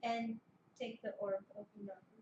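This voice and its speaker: A woman's voice: medium pitch, flat delivery, normal speed, dark tone, muffled recording. A woman playing a tabletop game, speaking playfully in character. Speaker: player. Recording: roomy, distant camera mic with noise.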